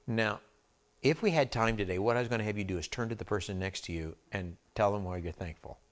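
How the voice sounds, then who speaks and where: A man with a fairly low voice delivers a Sunday sermon in a church. He speaks in a relaxed, conversational way and keeps turning to the congregation to ask whether they are with him. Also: fast. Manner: conversational preaching with call-outs to the congregation. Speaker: pastor. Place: church sanctuary.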